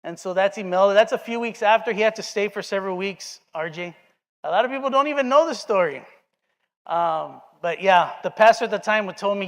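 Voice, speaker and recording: Middle-aged male pastor, high-pitched voice, earnest storytelling sermon in a church with long reverb. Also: a bit bright. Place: church sanctuary.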